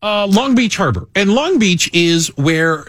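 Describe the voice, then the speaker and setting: A man hosting a radio talk show, chatting casually, animated and self-mocking, with frequent restarts. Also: sits high, unhurried, dry recording, clean studio sound. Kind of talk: casual on-air banter.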